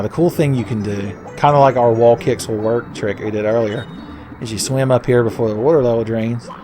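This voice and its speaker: A man's voice: mid-range voice, a little mellow. A young man hosting a let's play, giving casual gameplay commentary full of sarcastic, profane, rambling jokes.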